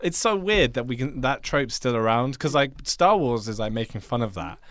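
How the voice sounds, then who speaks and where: A man's voice: mid-range voice, animated, moderate pace, fairly bright tone, no room sound, studio quality. A man co-hosting a podcast, chatting casually and cutting in with teasing jokes. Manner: joking, teasing interjections. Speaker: podcast co-host. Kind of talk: casual chat.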